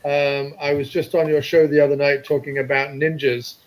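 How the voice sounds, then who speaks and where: A man's voice: a little high, level tone, normal speed, low-quality recording. A man hosting a casual video call chat, teasing his guests and laughing often. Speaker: podcast host.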